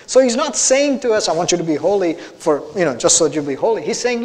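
A man preaching to his congregation, his fairly high voice climbing through repeated phrases to forceful peaks. The sanctuary around him carries a long, lingering reverb. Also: expressive, quick pace, few pauses. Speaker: pastor. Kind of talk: sermon. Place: church sanctuary.

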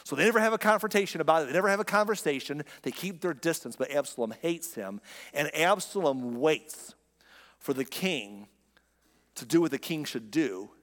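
A man's voice: a little high, lively intonation, normal speed, a bit bright, long reverb tail. A man preaching a sermon as pastor, talking to the congregation in a conversational, emphatic way and asking rhetorical questions.

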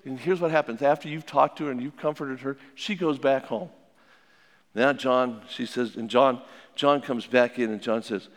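A man's voice: medium pitch, moderate pace. Older man giving folksy family advice. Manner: plainspoken and anecdotal, with many restarts and repeated maxims. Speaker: family and marriage counselor speaking to an audience. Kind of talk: folksy talk with religious advice. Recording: long hall reverb.

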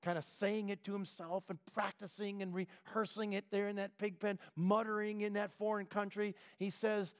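A man preaches in a casual, storytelling way, putting questions to his listeners and slipping into quoted speech. His voice sits high for a man. Long reverb from a large hall trails each phrase. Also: level tone, normal speed, hardly any pauses, smooth. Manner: conversational, asks rhetorical questions, acts out quotes. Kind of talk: sermon.

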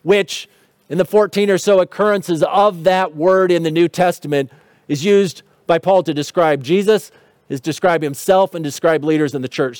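A man's voice: on the high side, a little mellow, no echo, clean studio sound. A man preaching a sermon, explaining scripture in a teaching tone with light humor and rhetorical questions. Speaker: pastor.

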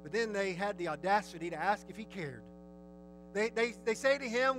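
A man's voice: high-pitched, normal speed, faint music behind, low-quality recording. A man preaching a sermon, telling the story vividly and asking his listeners questions. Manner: lively, storytelling, asks the audience questions.

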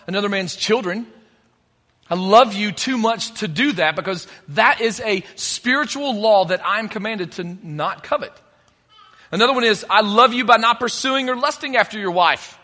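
A man's voice: high voice, pushed and bright, long reverb tail. A man preaching a sermon as pastor, conversational and joking between points.

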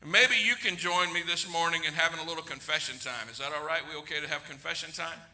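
A man's voice: on the high side, fast, sharp tone. A middle-aged pastor preaching a sermon to his congregation in a large church, emphatic and joking with his listeners.

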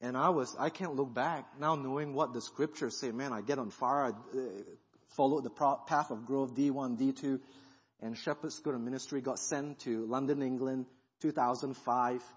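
Husky-voiced man preaching in a reverberant hall. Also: mid-range voice, moderate pace. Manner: animated storytelling, acts out quoted thoughts. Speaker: guest pastor. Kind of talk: sermon testimony. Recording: dull sound in a reverberant hall.

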